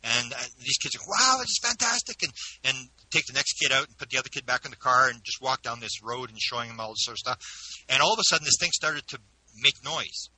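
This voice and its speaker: Guy telling his story in an interview, quick and animated, keeps restarting, really bright sharp voice. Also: mid-range voice, slight background noise, poor audio. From Canada. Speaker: interview guest.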